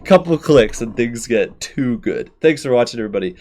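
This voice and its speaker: A man hosting his channel, casually thinking aloud through his bracket predictions with quick asides. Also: medium pitch, expressive, a little mellow, soft background music. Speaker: channel host.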